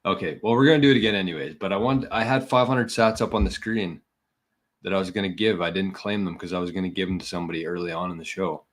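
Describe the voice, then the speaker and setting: A man's voice: low voice, fairly even intonation, quick pace. A man hosting a live podcast stream, chatting casually and scattered, a little out of breath and poking fun at himself. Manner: scattered, self-mocking, talking to viewers. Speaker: podcast host.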